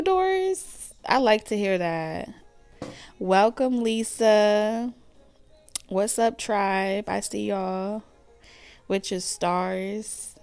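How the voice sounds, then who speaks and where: A woman hosting a live tarot reading stream, greeting viewers by name in a relaxed, chatty way with casual slang. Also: mid-range voice, clean tone.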